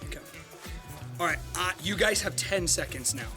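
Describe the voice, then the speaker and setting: High, bright-voiced energetic male host. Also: moderate pace, soft background music. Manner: energetic, playful, sing-song. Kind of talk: livestream game show hosting.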